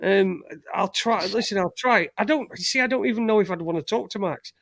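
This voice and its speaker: A man's voice: high voice, a little fast, vocal fry, fairly bright tone, dry recording, clean studio sound. A man hosting a casual live show, reading out chat comments with blunt, sweary banter and laughter. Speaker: podcast host.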